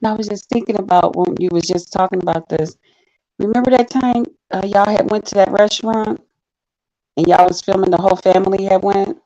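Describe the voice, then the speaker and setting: A woman's voice: medium pitch, steady tone, brisk, mellow, highs cut off. A woman co-hosting a casual live stream, easygoing and affirming, with frequent agreement noises. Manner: easygoing, affirming, lots of back-channel. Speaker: co-host.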